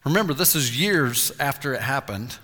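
A male pastor preaching a sermon, retelling a story in an animated storytelling way. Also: medium pitch, normal speed. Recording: long hall reverb.

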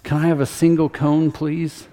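A man voicing an eager, hopeful little boy from a poor family, a bit higher than his own voice, in a sermon story. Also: level tone, moderate pace, mellow, in a large hall, lightly acted.

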